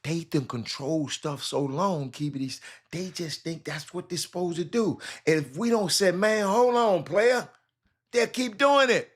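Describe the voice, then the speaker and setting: A man's voice: fairly high pitch, lively intonation, normal speed, hardly any pauses, a bit bright, husky. A man hosting a live sports talk show with a Southern US accent, speaking animatedly and calling out chat viewers by name.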